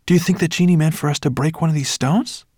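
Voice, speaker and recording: A man's voice: on the high side, fast, darkish tone, no room sound, studio quality, pitched above the performer's own voice, natural voice. A man voicing an earnest, curious young boy in a storybook reading. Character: curious excited young boy, dragon rider.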